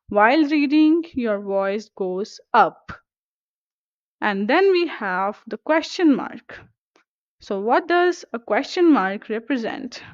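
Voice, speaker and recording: A woman with a fairly high voice teaches a grammar lesson very slowly and deliberately. The recording is dry and a little dull and lo-fi. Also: dry recording. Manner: slow, careful and deliberate.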